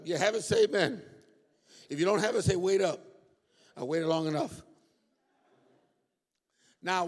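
A man preaching a lively sermon with call-and-response asides to his congregation. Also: sits high, gravelly. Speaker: pastor. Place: church hall. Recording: reverberant hall.

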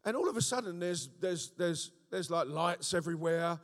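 Male preacher, high, gravelly voice, animated, asks the room questions, long hall reverb. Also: moderate pace. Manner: animated, rhetorical, frequent call-and-response checks. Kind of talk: sermon.

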